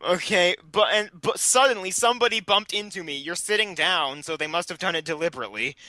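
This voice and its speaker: A young man reading a fan story aloud for laughs with sarcastic, quick-witted asides. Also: sits high, lively intonation, sharp tone, dry recording. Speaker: co-host.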